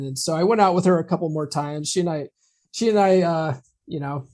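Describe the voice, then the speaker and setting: Higher-voiced man telling a story. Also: brisk, a little mellow. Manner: chatty, laughs at own story. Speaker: podcast co-host. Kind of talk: casual chat, personal story.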